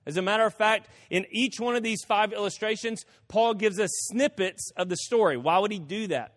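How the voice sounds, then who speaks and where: A male pastor preaching a sermon, telling stories with quick folksy asides. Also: sits high. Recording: long reverb of a hall.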